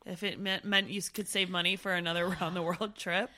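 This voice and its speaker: A Canadian woman co-hosting a casual podcast, joking and frank, her voice raspy from being sick. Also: fairly low pitch, level tone, a little fast, pushed and bright. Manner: joking, frank, laughs often. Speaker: podcast co-host. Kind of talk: casual chat.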